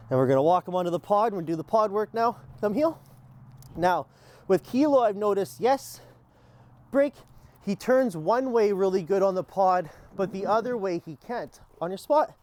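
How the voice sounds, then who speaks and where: Man coaching a dog, sharp upbeat commands. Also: on the high side. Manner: explains calmly, then barks short upbeat commands to the dog. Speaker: dog trainer. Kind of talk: hands-on training demonstration. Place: outdoors in a yard, training a dog.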